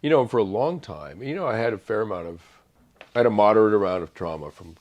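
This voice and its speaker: A middle-aged man speaking as an interview guest, thoughtful and halting, with many fillers and restarts. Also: lowish voice, lively intonation, darkish tone, highs cut off. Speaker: author guest. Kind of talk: reflective interview conversation.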